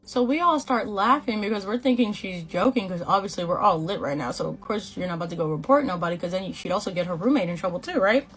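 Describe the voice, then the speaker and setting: A woman's voice: medium pitch, fast, hardly any pauses. A young woman from Boston in her twenties, telling a slangy, swear-laced storytime while doing her makeup and acting out the people in it. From Boston, USA. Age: 20s. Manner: animated, slangy, swearing, quotes people in voices. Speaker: beauty vlogger.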